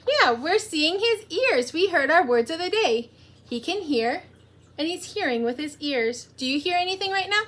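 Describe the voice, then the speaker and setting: A woman teacher leading a morning meeting for young children, in a slow, animated, sing-song voice with many questions for the kids. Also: very high voice. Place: home room.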